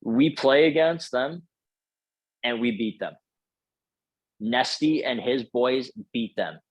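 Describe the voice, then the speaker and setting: A man's voice: medium pitch, slow, dry recording, low-quality recording. A man telling a casual, profane story full of filler words as a podcast guest.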